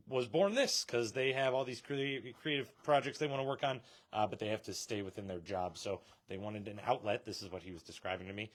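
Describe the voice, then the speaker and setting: A man hosting a casual live stream from a comic shop, joking and laughing often. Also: medium pitch.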